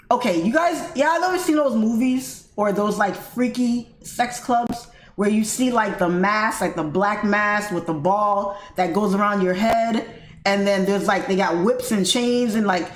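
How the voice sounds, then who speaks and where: An American woman hosting a livestream, casually telling a story to her viewers in an animated way, laughing often and calling them guys. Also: medium pitch. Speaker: livestream host. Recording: echoey room with faint noise.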